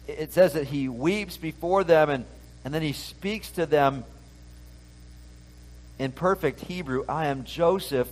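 Man preaching, loud then hushed. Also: fairly high pitch, low-quality recording. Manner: conversational preaching, swings from loud emphasis to hushed asides. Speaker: pastor. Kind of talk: sermon.

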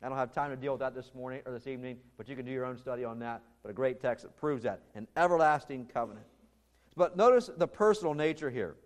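A man's voice: mid-range voice, quick pace. A man preaching a sermon in an earnest, emphatic way, now and then restarting his phrases as he explains a text. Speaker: pastor.

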